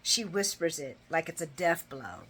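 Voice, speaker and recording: Woman recapping a soap, bright voice, very lively pitch, laughing, dramatic outbursts, casual talk. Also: normal speed, husky. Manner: animated, laughing, dramatic exclamations. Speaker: soap opera recap host.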